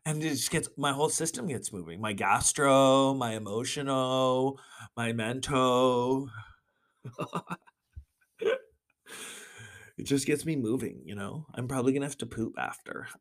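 A young man hosting a solo podcast, ranting with swearing and sudden shouted bursts. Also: medium pitch, animated, moderate pace, creaky, pauses often. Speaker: podcast host.

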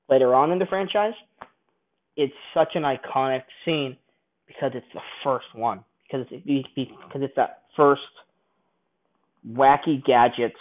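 A man casually reviewing a film, rambling and enthusiastic, often restarting his sentences. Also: medium pitch. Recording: tinny phone-like sound.

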